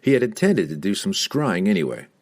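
A man narrating a fantasy audiobook in an expressive, steady storytelling manner. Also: sits low, fairly quick.

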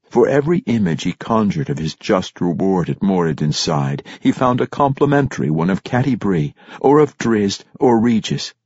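An audiobook narrator, male, reads fantasy narration in a measured, steady way, rising to dramatic emphasis on key phrases. His low, husky voice is recorded close and dry, with a dull, lo-fi quality and no room sound.

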